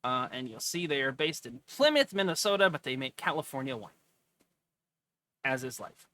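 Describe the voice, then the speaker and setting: A man's voice: medium pitch, big pitch swings, moderate pace, bright, forceful tone. A man hosting a casual stock video, chatting and reading a filing aloud with jokes. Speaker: host.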